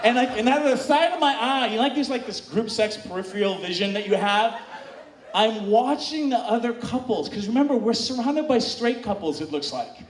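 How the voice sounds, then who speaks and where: A man telling a bawdy story live on stage to an audience, animated and shouting out quoted moans. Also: very high-pitched, fairly quick. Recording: distant, roomy live recording with crowd noise.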